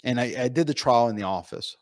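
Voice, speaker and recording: Fast-talking at a medium pitch, this man presents as a pain physician in a conference room. He animatedly recounts patient cases, full of fillers and restarts, with no echo.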